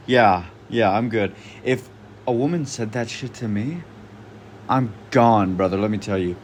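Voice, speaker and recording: Man, lowish voice, blunt, slangy, swears a lot, casual commentary, faint air conditioning hum. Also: measured pace. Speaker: online commentator.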